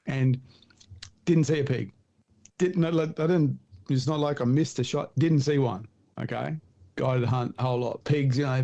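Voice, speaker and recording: Gravelly Australian man spinning a yarn. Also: mid-range voice, normal speed. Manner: animated yarn-spinner, laughs at his own stories. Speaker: podcast guest, hunter and writer. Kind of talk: casual storytelling chat.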